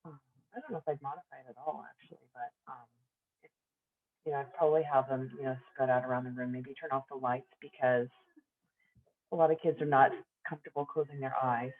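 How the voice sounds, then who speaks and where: A man's voice: medium pitch, fairly even intonation, fairly quick, no echo. A man answering on a video call, hesitant and thinking aloud. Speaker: workshop participant. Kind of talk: casual reply on a video call. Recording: dry, tinny phone-like line.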